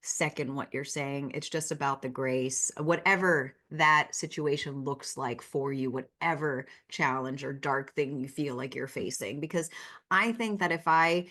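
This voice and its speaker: A woman's voice: extremely low pitch, unhurried, a bit bright. A woman speaking as a guest in a casual interview, telling personal stories in an earnest, heartfelt way.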